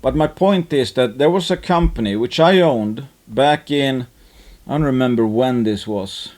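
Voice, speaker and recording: A man's voice: medium pitch, a little slow, darkish tone. Rambling male investing commentator. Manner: rambling, many fillers and restarts. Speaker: investing channel host. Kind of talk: casual market commentary.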